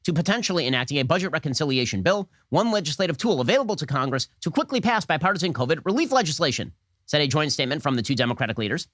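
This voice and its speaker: A man rattles off political commentary at an extremely fast clip, combative and pointed. His voice is slightly high for a man, and it is recorded close and dry with no room sound. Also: sing-song, a bit bright, no echo. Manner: brisk, combative.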